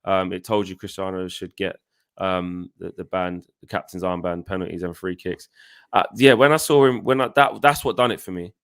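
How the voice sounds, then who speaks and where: A man in a casual fan chat who tells stories in an animated way and acts out his own shouting. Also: low voice, moderate pace, clear, resonant tone. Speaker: co-host of a fan channel.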